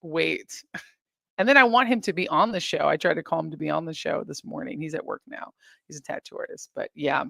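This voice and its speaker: A woman's voice: low voice, animated, fast talker, vocal fry, bright, forceful tone, dry recording, clean studio sound. A woman hosting a casual live stream, chatting and reading viewer comments in a rambling, giggly way.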